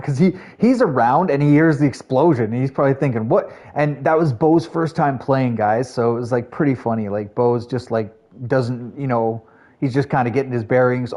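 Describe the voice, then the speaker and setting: A man streams live, talking with his viewers in a warm, mid-range voice at a moderate pace. He is chatty and rambling, leaning heavily on filler words as he responds to chat.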